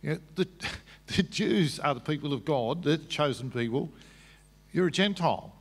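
A man answers a question at a public debate, walking through scripture patiently and often restarting his sentences. His voice sits a bit high. The sound has the long reverb of a large hall. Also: expressive, normal speed, breathy edge.

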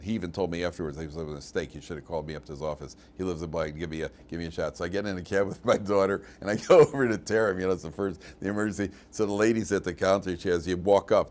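A man, a rabbi teaching a class and telling funny personal stories, laughing at his own jokes. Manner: animated storyteller, laughs at his own jokes, big jumps in pitch and loudness. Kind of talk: lively class talk with personal anecdotes.

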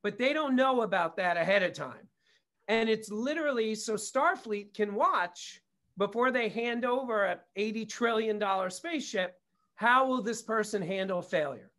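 A man's voice: high voice, lively intonation, normal speed, a bit bright. A middle-aged man, a guest on an interview show, telling family stories in a casual, candid way, swearing freely and wandering into asides. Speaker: guest, comedy producer and director.

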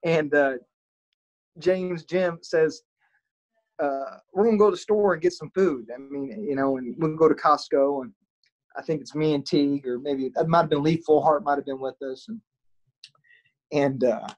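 A man, a podcast guest, telling an anecdote in casual chat, animated and chuckling as he goes. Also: on the high side, normal speed, long pauses, muffled recording.

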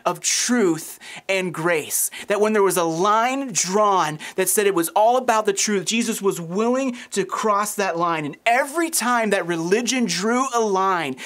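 Here the preacher, a man in his thirties, speaks in a high, slightly bright voice. Throughout the sermon he narrates stories and voices the people in them.

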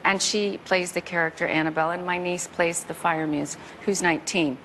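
A woman guest on a television talk show, telling stories in a chatty, animated way and acting out quoted lines. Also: lowish voice, moderate pace, a little hiss or hum, rough recording. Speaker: guest musician. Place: television studio.

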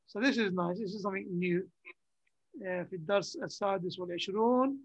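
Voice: medium pitch, rapid-fire, dry recording, rough recording. A teacher giving a classroom Arabic grammar lesson in English. The teacher repeats key terms and checks understanding with short questions.

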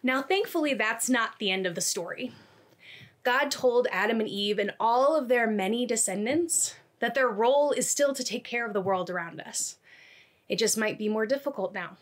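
A woman leading a children's message in an online church service, telling a Bible story. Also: fairly high pitch.

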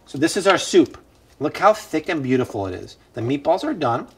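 A man's voice: fairly high pitch, very animated, moderate pace. A man hosting a live cooking stream from a home kitchen, enthusiastic and exclamatory. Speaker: cooking show host.

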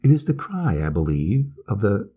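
A man's voice: lowish voice, very animated, moderate pace, mellow, husky. A man voicing an uneasy male Swedish traveling companion who speaks in a brooding, ominous way.

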